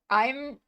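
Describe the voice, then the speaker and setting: A woman's voice: high-pitched, sharp tone. A woman streamer chatting casually on a live stream, gushing and rambling with many restarts and laughs.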